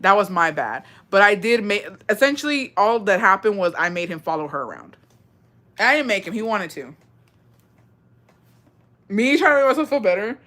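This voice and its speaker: A woman's voice: medium pitch, sing-song, moderate pace, long pauses, sharp tone. A woman in her thirties telling a gossipy, profane childhood story, dropping Spanish phrases into her talk. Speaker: storytime vlogger. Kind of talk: casual storytelling.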